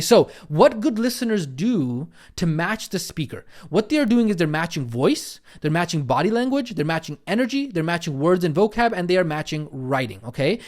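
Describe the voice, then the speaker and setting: A man's voice: high-pitched, a little mellow. A man giving a recorded coaching lesson, explaining listening skills step by step and often checking in with the listener. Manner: repetitive teaching cadence, frequent "right?" and "okay?" check-ins. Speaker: coaching trainer.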